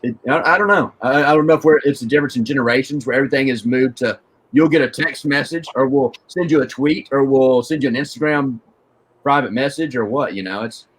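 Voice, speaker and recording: A man with a mid-range voice hosting a relaxed talk show. He circles around his points with restarts and questions. He sounds like an ordinary guy thinking aloud. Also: medium pitch, a little fast, breathy edge. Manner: rambling, many restarts, questioning. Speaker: host. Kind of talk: casual chat.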